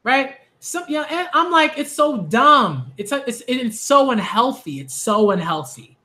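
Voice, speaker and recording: A man giving a ranting commentary vlog on manga, animated and exasperated, repeating phrases for emphasis. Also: very high-pitched, a little slow.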